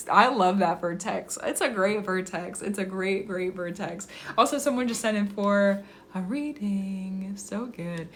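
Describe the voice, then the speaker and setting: A woman astrologer chatting on a live stream and giving readings, effusive and quick to laugh, sometimes slowing into a soft invocation. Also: mid-range voice. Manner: effusive, gushing, laughs often.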